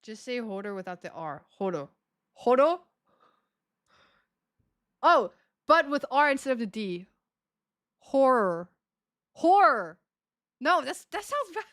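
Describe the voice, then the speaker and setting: High, lively, giggly woman streamer. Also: brisk. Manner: giggly, laughs often between words. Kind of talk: casual live-stream chat.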